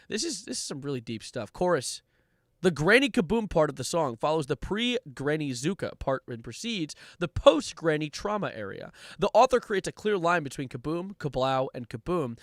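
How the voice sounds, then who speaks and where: Animated man doing mock-serious commentary. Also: fairly high pitch, no echo, studio quality. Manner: mock-serious, bursts into laughter and yelps. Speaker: streamer. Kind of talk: comedic song lyric breakdown.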